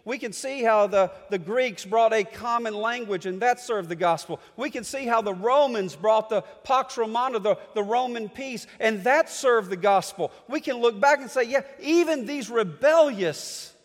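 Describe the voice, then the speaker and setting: With a high, light voice, a middle-aged pastor preaches at normal speed with few pauses. His dramatic sermon swings from booming declarations to near-whispered pleas, echoing with long reverb through a large church hall.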